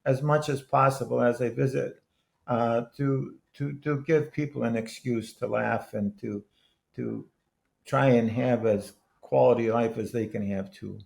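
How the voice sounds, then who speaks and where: He is in his eighties, hails from Wisconsin, and has been both a politician and an author. Chatting as a podcast guest, he speaks a little slowly in a creaky, darkish, mid-range voice with a steady tone, telling anecdotes earnestly, wandering, and frequently restarting.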